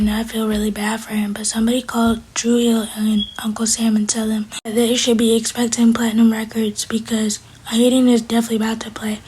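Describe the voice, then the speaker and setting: A woman recapping a TV episode in a casual, fast retelling, quoting the characters in her own voice. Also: fairly high pitch, darkish tone, husky, poor audio.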